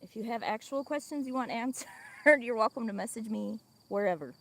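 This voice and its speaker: Out on a farm, a livestream host with a Midwestern accent chats casually with her viewers and animals, laughing a lot. She talks fairly quickly in a voice that's on the high side.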